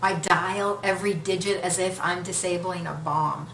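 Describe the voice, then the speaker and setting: A woman in her thirties performing a solo theatrical story, swinging from hushed narration to frantic shouting, recorded on a stage. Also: on the low side, measured pace, hardly any pauses, slight background noise. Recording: roomy echo, distant mic, faint ambience.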